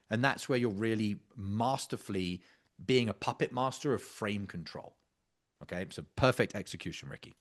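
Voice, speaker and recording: A man's voice: lowish voice, moderate pace. A man coaching sales closers, breaking down a practice call in an emphatic, intense way with casual swearing.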